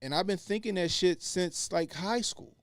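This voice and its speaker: A man's voice: high voice, normal speed, no echo, studio quality, soft background music. A man talking in casual opinionated commentary, blunt and profane, repeating his points for emphasis. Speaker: podcast co-host.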